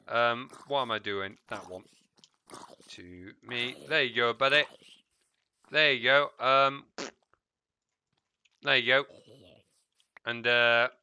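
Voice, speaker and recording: A man with a medium-pitched, pushed, bright voice talks casually as he streams a game, swearing at mobs and muttering asides to the people watching. There's a little hiss or hum in the audio.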